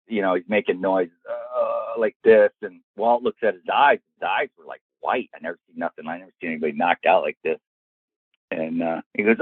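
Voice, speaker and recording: An older man with a fairly low voice tells a story as an interview guest, and his pitch rises and falls a lot as he acts out what each person said. He comes through a tinny, dry phone-like line. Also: no echo. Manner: lively, acts out quoted lines in the story. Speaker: golf professional guest.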